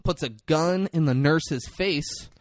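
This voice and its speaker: A man's voice: a little high, slow, dry recording, studio quality. Man animatedly recapping a movie. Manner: animated retelling, acting out characters in quotes. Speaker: podcast co-host. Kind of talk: casual movie recap chat.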